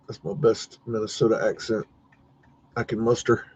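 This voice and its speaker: A man's voice: lowish voice, flat delivery, normal speed, a little mellow, slightly rough. A man chatting casually on a livestream, hesitant, with many fillers and restarts. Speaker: podcast co-host. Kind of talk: casual livestream chat while browsing maps. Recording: dull lo-fi stream audio.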